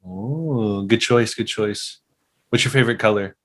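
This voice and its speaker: A young man co-hosting a casual podcast, asking quick questions in a playful, teasing way. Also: on the low side, fairly bright tone. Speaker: podcast co-host.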